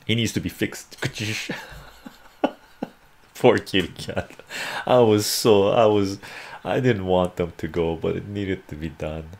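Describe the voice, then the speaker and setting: A man's voice: low-pitched, fairly even intonation, slow, long pauses, darkish tone. A man hosting a live stream from home, chatting casually and reading out viewer comments, laughing often and thinking aloud. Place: home room with a meowing cat.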